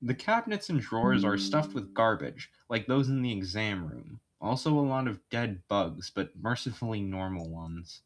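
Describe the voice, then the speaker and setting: A man's voice: lowish voice, very animated, normal speed, hardly any pauses. A man streaming, reading second-person narration aloud with joking asides, his voice slightly worn.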